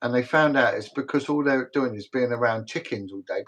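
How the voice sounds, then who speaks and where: A man's voice: mid-range voice, brisk, a bit bright, low-quality recording. A middle-aged British man, a retired detective, talking as a guest in a casual livestream interview, emphatic and repetitive, rambling from story to story. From Britain.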